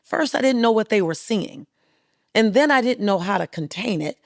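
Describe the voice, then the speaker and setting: Gravelly, animated woman telling a story. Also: medium pitch, normal speed, dry recording, clean studio sound. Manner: animated, acts out quoted voices. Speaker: guest speaker. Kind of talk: storytelling in a podcast interview.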